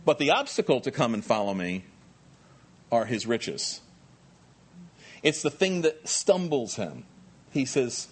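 Husky middle-aged guy preaching, super animated voice, talks like he's chatting with the congregation. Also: medium pitch, a little slow, pauses often. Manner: lively, conversational preaching with jokey asides. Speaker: pastor. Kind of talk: sermon.

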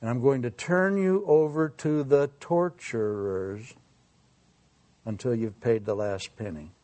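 A man preaching a sermon in a folksy, humorous way, dropping quiet for serious points. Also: medium pitch, unhurried. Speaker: pastor.

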